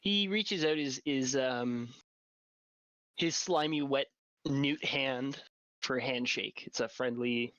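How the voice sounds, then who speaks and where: Recovering from a cold and nursing a sore throat, this dungeon master runs a tabletop game in a relaxed way, full of fillers and restarts as he lays out scenes. He speaks slowly in a medium-pitched, slightly bright voice. The recording is dry and muffled.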